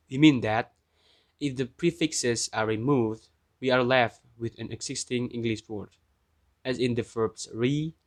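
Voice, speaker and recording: Young indonesian guy reading his class presentation, dry close sound, plain steady voice. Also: mid-range voice, no echo. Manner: reads plainly, pausing between example words. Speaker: student presenter.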